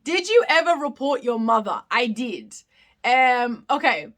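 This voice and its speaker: Bright, chatty Australian woman in her thirties. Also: on the high side, very animated, measured pace. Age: 30s. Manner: chatty, giggly, reads comments aloud. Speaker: live Q&A host. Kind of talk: casual live-stream Q&A.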